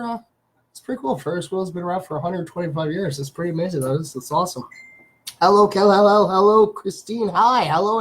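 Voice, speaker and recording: A man's voice: sits high, poor audio. A man hosting a casual live stream, greeting viewers by name and rambling through facts with many fillers. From Canada. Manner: reads viewer names and greets them. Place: small home studio.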